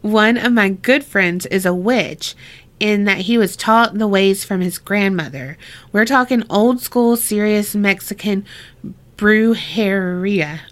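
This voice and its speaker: A woman's voice: mid-range voice, measured pace, fairly bright tone. Casual swearing woman podcast co-host. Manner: swears freely, laughs often, casual slang. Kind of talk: casual chat, reading listener stories aloud.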